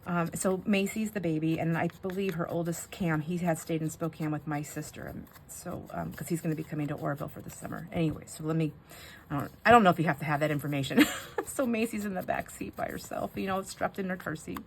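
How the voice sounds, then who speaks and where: Rambling, lowish-voiced older woman vlogger. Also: fairly even intonation, fast, slight background noise. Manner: rambling, sidetracked, emotional. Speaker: crafting vlogger. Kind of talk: casual chat while crafting.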